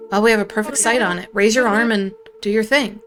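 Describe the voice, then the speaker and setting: A woman's voice: medium pitch, fairly even intonation, fast, close to an everyday voice. Woman reading a coaxing forest companion. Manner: coaxing, gently pushy. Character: calm, insistent forest companion leading a ritual. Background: game music.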